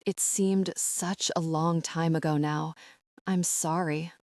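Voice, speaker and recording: A woman narrating an audiobook in a slow, sorrowful, measured reading. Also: deep voice, fairly even intonation, darkish tone, no room sound, studio quality.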